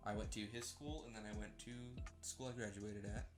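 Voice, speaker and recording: A man's voice: on the low side, a little fast, over music. A young man co-hosting a podcast, chatting casually and acting out what people said. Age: young adult. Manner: animated storytelling, acts out quotes. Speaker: podcast co-host. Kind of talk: casual chat.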